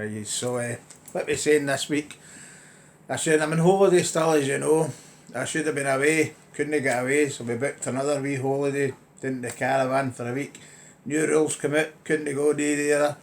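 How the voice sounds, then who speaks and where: A man's voice: fairly high pitch, moderate pace. A middle-aged man with a Lanarkshire Scottish accent, ranting wryly and chattily to camera in a casual vlog. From Scotland. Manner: chatty, wry, grumbling. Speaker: vlogger.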